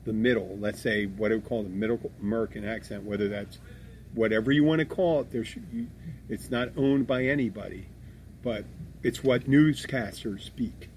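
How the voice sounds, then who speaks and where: A man's voice: on the low side, moderate pace, a little mellow, slight background noise. A man from Philadelphia co-hosting a podcast, talking casually and bluntly, with swearing and rambling restarts. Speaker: podcast co-host. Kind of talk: casual chat.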